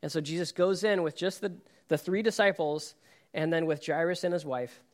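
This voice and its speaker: A pastor reads scripture, then speaks earnestly in his sermon, sinking into soft, quiet phrases before building to emphatic points. His voice is on the high side and his pace moderate.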